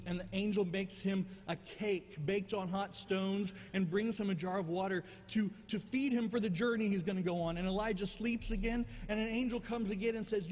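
A man's voice: high voice, fairly even intonation, fairly quick, few pauses, darkish tone, in a large hall. A male pastor preaching a sermon in a conversational, self-deprecating way, often repeating words as he goes.

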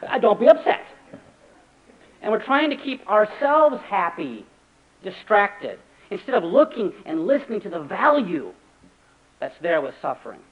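Animated male preacher, lo-fi sound. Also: sits high, normal speed. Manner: animated, acts out quoted voices. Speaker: pastor. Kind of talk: sermon. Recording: dull lo-fi recording.

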